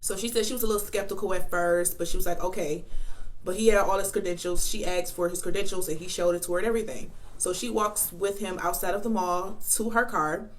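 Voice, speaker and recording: A woman's voice: fairly low pitch, fairly even intonation, quick pace, few pauses. A woman vlogger telling a long story in a casual, rambling way, with many fillers and restarts, while eating between sentences. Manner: talks between bites of food. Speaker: mukbang vlogger.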